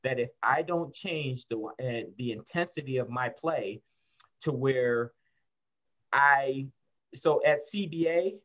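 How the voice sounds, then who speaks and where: Speaking slowly in a medium-pitched, fairly bright voice, a Syracuse, New York, man in his fifties recalls his college football days as a guest in a casual interview. He restarts often and leans on fillers.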